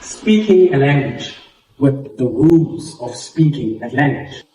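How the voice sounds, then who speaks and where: A man with a South African Xhosa accent teaches public speaking in a workshop, explaining patiently and repeating his points. His voice is mellow and carries from a distance across a very echoey room. Faint noise sits behind it. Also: mid-range voice, expressive, a little slow.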